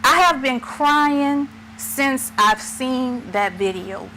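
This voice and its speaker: A middle-aged woman on a talk show speaks slowly and with emphasis. Her voice is bright and sits a little high. Faint noise hums behind her. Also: rough recording. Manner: slow, emphatic and tearful. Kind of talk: impassioned discussion.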